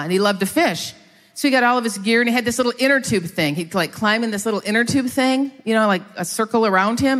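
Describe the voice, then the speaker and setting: A middle-aged woman preaching to her congregation, her voice a little high and trailing off into a long hall reverb. She tells her story in a chatty, animated way. She keeps breaking off for quick asides to the people in front of her. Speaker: pastor. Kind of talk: sermon storytelling.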